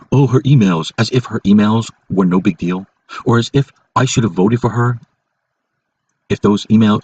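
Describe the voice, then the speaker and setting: Casual male podcast host, low register, emphatic and repetitive; muffled home mic with light hiss. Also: darkish tone, slightly rough. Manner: emphatic, repeats himself for stress. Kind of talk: casual political monologue.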